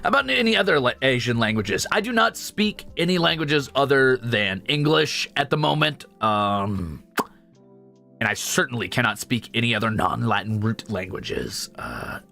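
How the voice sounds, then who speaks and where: Gravelly-voiced man chatting on stream. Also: medium pitch, faint music behind. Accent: faint Midwestern American. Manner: rambling, animated, quick asides and laughs. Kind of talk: casual chat with viewers.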